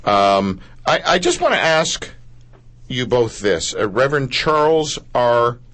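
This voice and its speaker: A man hosting a live radio talk show from a studio. He talks in an animated way, with many stumbling restarts. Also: medium pitch, takes it slowly.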